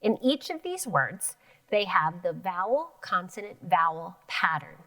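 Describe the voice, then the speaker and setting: A woman's voice: on the low side, very animated, unhurried, fairly bright tone. A woman teaching an elementary phonics lesson, sounding out words syllable by syllable.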